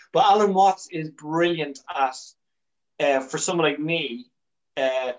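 An Irish man, a comedian guest on a podcast, telling candid stories with animated energy and frequent swearing. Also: fairly high pitch, poor audio. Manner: animated storyteller, swears freely, restarts often.

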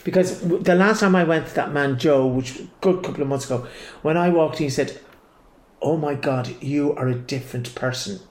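A man's voice: fairly high pitch, brisk. An Irish man in casual chat, telling stories animatedly and acting out what people said. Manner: animated, acts out quoted voices. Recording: echoey room.

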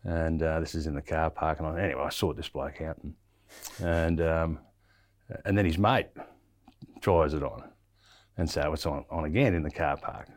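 A man's voice: rumbling low, fairly even intonation, moderate pace, long pauses, dry recording, clean studio sound. An Australian man telling a long story in an interview, rambling with lots of ums and restarts. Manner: rambling, many fillers and restarts. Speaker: interview guest. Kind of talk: casual storytelling.

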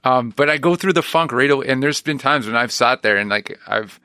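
A man's voice: medium pitch, brisk, bright, forceful tone, no room sound, studio quality. A man, an actor and music teacher, talking candidly and rambling in a casual interview. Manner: candid, rambling, self-deprecating.

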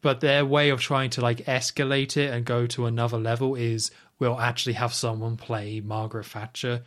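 A man's voice: medium pitch, flat delivery, normal speed, fairly bright tone. A man in casual conversation about a film, recapping the plot with wry asides. His voice sits in the middle range. He acts out lines from scenes in passing. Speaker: podcast co-host. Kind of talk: casual film review chat.

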